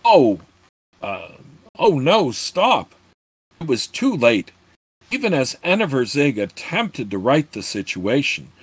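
A man's voice: medium pitch, slightly rough, no echo. A man reading a fantasy novel aloud in a hesitant way, often stumbling and restarting words. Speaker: narrator.

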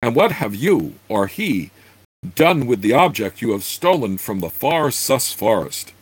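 A man's voice: medium pitch, sing-song, unhurried, breathy edge, no room sound. A man voicing a stern male elf warrior who coldly threatens a captive, as he reads a fantasy novel aloud. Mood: menacing. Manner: cold, threatening, commanding.

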